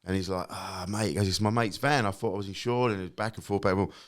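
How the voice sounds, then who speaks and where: A middle-aged comedian tells his anecdotes in a fairly low voice. He acts out the other people's lines as he goes and swears freely. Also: fast. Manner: lively storyteller who acts out quotes, swears freely. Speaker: guest comedian. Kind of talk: casual anecdote telling.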